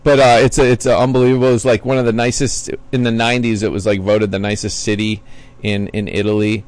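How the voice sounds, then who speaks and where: He talks fast with a flat delivery and a low, slightly mellow voice. The guest, a Floridian ex-baseball player in his forties, chats casually on a podcast, wandering through stories packed with fillers and restarts.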